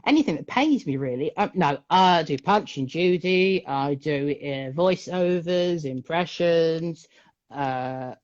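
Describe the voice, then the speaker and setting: A man's voice: fairly high pitch, expressive, takes it slowly. A chatty, jokey man talks about his work, his voice swinging widely up and down as he slips into different voices. The audio is dull and lo-fi. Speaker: guest, magician and puppeteer. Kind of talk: casual chat on a live stream.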